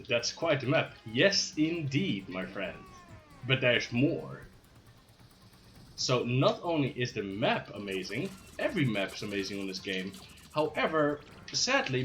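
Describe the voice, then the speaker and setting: A man's voice: mid-range voice, very animated, a little slow, fairly bright tone, faint music behind. A man commentating his own speedrun live, playful and hyped, with jokey asides.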